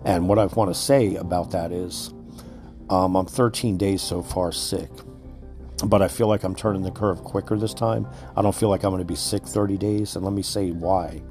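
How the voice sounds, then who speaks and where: A man's voice: sits low, steady tone, normal speed, a little mellow, soft background music. A man hosting a podcast, delivering an angry, swear-filled rant that lectures his listeners. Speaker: podcast host.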